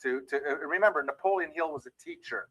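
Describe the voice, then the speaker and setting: A man's voice: a little high, fast talker, fairly bright tone, no room sound, low-quality recording. A man giving a motivational training talk as a mindset trainer, telling a story and speaking directly to his listeners.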